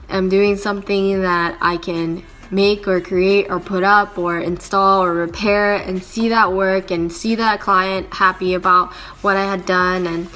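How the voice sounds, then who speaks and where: A young woman vlogging to camera about her work as a handywoman, talking in a reflective, halting way with many fillers. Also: medium pitch, fairly bright tone. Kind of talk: casual talking-to-camera vlog.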